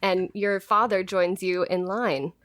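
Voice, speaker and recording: A woman narrating a tabletop game as game master, chatty and quick to laugh. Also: mid-range voice, fairly even intonation, a bit bright, dry recording, clean studio sound.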